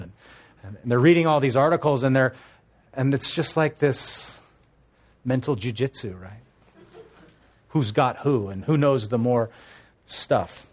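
A man's voice: mid-range voice, expressive, moderate pace, long pauses, husky. Man teaching scripture with jokes. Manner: expository Bible teaching with humorous asides; reads scripture aloud, then explains it conversationally. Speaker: pastor. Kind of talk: sermon.

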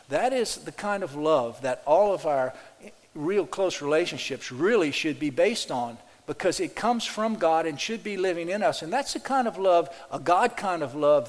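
A male pastor preaching a sermon to his congregation, folksy and repetitive, talking straight to the pews. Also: a little high. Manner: folksy, repeats words, addresses congregation directly. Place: church. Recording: long hall reverb.

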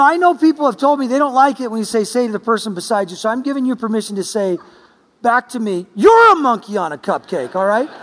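In a church sanctuary, a pastor tells a story during his sermon, keeping it playful and conversational and acting out quoted dialogue. He has a high voice, and there is slight background noise along with the long reverb of the church hall.

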